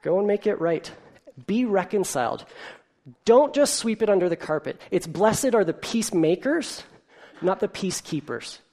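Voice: mid-range voice, normal speed. A pastor preaching a sermon, telling stories vividly and asking the congregation rhetorical questions, with the odd "um.". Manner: animated storytelling with rhetorical questions and filler ums.

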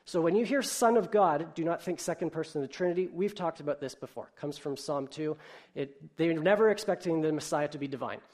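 A pastor preaching a sermon in an explanatory, conversational way, animated when he reads a children's story aloud. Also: on the high side, a little fast.

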